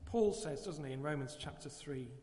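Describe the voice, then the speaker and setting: Man, preacher, earnest sermon, fairly high voice, roomy church sound, rhetorical questions. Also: lively intonation, normal speed, warm tone. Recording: live church recording with long hall reverb.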